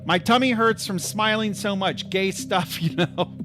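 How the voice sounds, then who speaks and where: A man with a high voice talks a little slowly over background music. He's hosting a livestream, chatting casually, rambling, and making jokes at his own expense.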